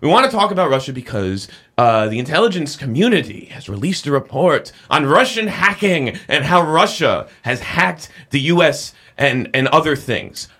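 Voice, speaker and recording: A man's voice: on the high side, big pitch swings, moderate pace, hardly any pauses, sharp tone. A man hosting a casual tech talk show, talkative and opinionated. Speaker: podcast host.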